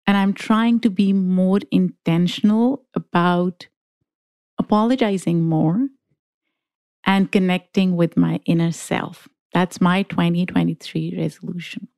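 A woman from Pakistan, a guest on a podcast, answering in a measured, earnest way. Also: on the low side, fairly even intonation, vocal fry, darkish tone, dry recording. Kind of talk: interview answers.

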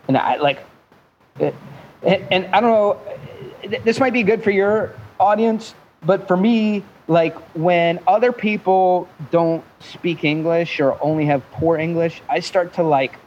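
An animated man telling a story as a podcast guest, joking and cursing freely. His voice sits on the high side and jumps around with mimicked accents. The audio is dull and lo-fi, with faint noise beneath. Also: unhurried.

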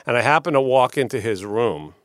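Fast, profane storyteller man, dry close mic, keeps asking "right?". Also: medium pitch, lively intonation, no echo. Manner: profane, tags lines with "right?". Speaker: record label executive, interview guest. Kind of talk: animated storytelling in casual interview.

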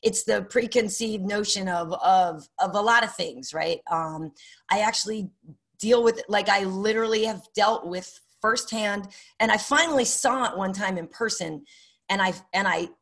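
A woman's voice: medium pitch, moderate pace. A middle-aged woman, a sports broadcaster and podcast guest, telling stories casually and acting out quoted dialogue. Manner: animated, acts out quoted dialogue. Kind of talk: casual interview storytelling.

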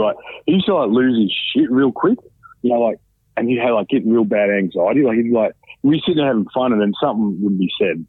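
A man's voice: medium pitch, no echo. An Australian man, a guest telling stories in a casual interview, laid-back, swearing freely and laughing often. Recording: dry, tinny phone-like line.

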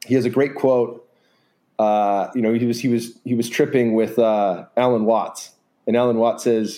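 A man's voice: fairly low pitch, fairly even intonation, moderate pace, warm tone. A man talking in a casual, earnest way as a podcast guest, rambling with many fillers. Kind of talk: casual reflective conversation.

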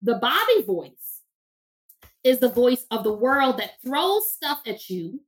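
A woman's voice: fairly high pitch, sing-song, slow pace. A woman therapist and minister, a podcast guest, talking emphatically with preacher-like repetition. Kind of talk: conversational interview.

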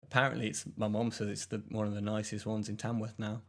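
Gravelly-voiced man telling a rambling story. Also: on the low side, completely flat delivery, fast, a bit bright. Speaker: podcast co-host. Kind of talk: casual chat.

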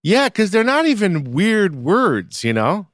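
A man co-hosting a podcast, teasing his co-host with short deadpan remarks in casual chat. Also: high voice, measured pace, no echo, studio quality.

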